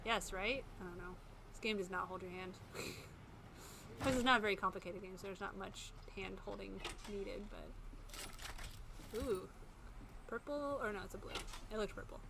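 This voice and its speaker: A woman's voice: mid-range voice, moderate pace, gravelly, long pauses. A woman in her thirties chatting casually while streaming a game, rambling and self-mocking with frequent laughs. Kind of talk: casual gameplay commentary. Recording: game sound noise in the background.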